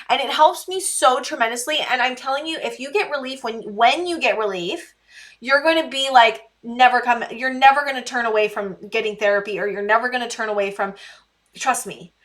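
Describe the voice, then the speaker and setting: Woman tarot reader, fairly high and bright, earnest and pleading, repeats herself, lots of fillers. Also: a little fast. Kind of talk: casual tarot reading to camera.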